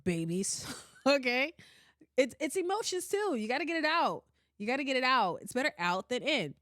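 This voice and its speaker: A woman hosting a podcast in casual chat, animated and blunt, swearing freely and often breaking into laughter. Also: sits high, moderate pace, no echo, studio quality. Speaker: podcast host.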